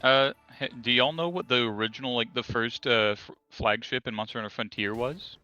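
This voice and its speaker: A man's voice: medium pitch, a little fast, sharp tone, lo-fi sound, faint music behind. A young man in casual chat with friends, quizzing them on monster trivia with enthusiasm and plenty of swearing.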